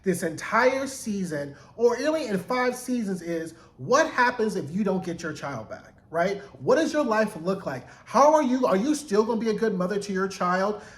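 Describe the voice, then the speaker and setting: A man giving a chatty, animated recap of a TV episode, acting out the characters' lines. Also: high-pitched, normal speed, hardly any pauses. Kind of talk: casual recap commentary. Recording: echoey room.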